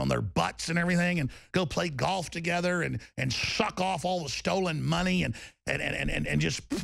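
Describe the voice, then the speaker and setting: A man's voice: fairly high pitch, gravelly, fairly bright tone, dry recording, clean studio sound. A man delivering an angry political rant, heated and emphatic, with mocking asides. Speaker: political commentator.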